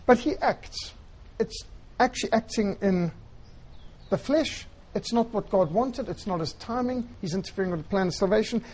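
A man preaching a sermon, retelling scripture in an earnest storytelling way with quiet, emphatic phrasing. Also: high voice, animated, moderate pace, breathy edge, poor audio.

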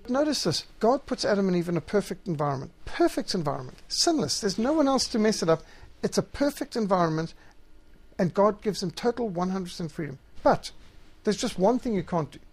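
A man teaching systematic theology, reading scripture passages aloud and stressing key words. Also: high-pitched. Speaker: Bible teacher.

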